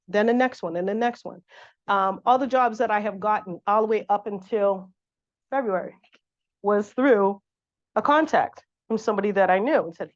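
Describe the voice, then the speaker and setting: A woman's voice: mid-range voice, moderate pace. A woman teaching a career workshop in a chatty, casual way, often acting out sample calls to contacts. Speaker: workshop instructor. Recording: dull lo-fi room recording.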